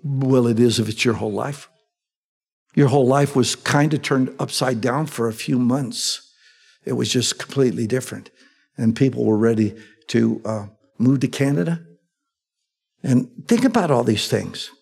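A male preacher giving a sermon. He reads scripture with rising excitement and adds folksy asides. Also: mid-range voice, moderate pace, vocal fry, breathy edge. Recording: long echoey hall reverb.

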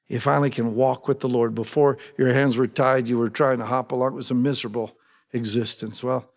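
Man preaching in a reverberant hall. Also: mid-range voice. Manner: animated, rising to loud emphatic calls. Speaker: pastor. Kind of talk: sermon. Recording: long reverb of a large hall.

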